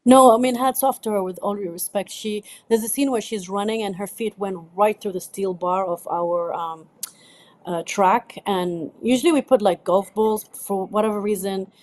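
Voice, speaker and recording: A woman from the United Arab Emirates, a film director, answering interview questions in a lively way with frequent restarts and laughter. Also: medium pitch, normal speed, a little hiss or hum. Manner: animated, laughs often, many restarts.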